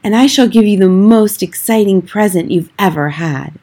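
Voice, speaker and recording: A woman reading aloud and voicing a sinister, smiling witch who slowly coaxes a child, with a husky voice. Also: medium pitch, mellow. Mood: coaxing.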